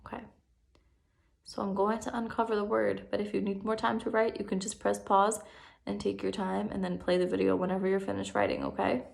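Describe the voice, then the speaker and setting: Gravelly-voiced encouraging teacher woman. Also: mid-range voice, level tone. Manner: patient, encouraging, stretches words out slowly. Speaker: first grade teacher. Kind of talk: video lesson for young children.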